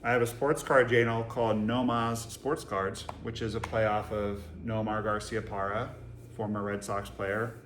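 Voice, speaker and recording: Zen teacher in an echoey hall. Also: male voice, lowish voice, level tone, moderate pace, fairly bright tone, slight background noise. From Boston, USA. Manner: casual and joking, asks rhetorical questions. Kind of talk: dharma talk. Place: meditation hall with a live audience. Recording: echoey room, faint ambience.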